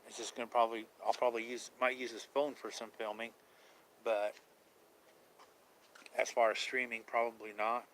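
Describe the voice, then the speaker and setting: A man's voice: mid-range voice, little pitch movement, normal speed, pauses often, a bit bright, slight background noise, low-quality recording. A man chatting casually on a live stream about paranormal outings, rambling, unsure and trailing off mid-thought.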